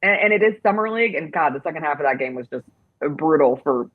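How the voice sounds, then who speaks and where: A woman's voice: sits low, animated, fast talker, phone-quality sound. A woman hosting a sports talk show, chatting casually with playful, dramatic outrage.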